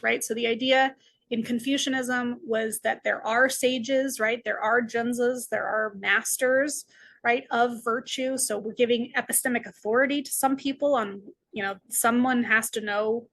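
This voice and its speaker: A woman's voice: on the high side, vocal fry, a bit bright. A woman teaching a philosophy lecture, explaining step by step and tagging her points with frequent questions to the class. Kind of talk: recorded lecture.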